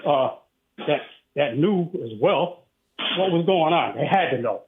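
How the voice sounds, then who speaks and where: Male caller, phone line, tinny, out of breath, rambling, agitated, slightly high voice. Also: lively intonation. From Saratoga Springs, New York. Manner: agitated, rambling, halting with many fillers. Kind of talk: phone-in call to talk radio.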